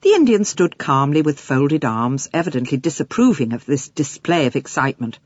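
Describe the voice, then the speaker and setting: A woman narrating an audiobook for children in an expressive storytelling manner. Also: very deep voice, normal speed, no room sound, muffled recording. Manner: expressive storytelling with lively swings.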